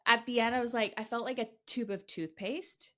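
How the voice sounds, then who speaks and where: A middle-aged woman hosts a podcast, her voice a little high and her pace moderate. She tells a personal story candidly and emphatically, swearing freely and retelling events with animation.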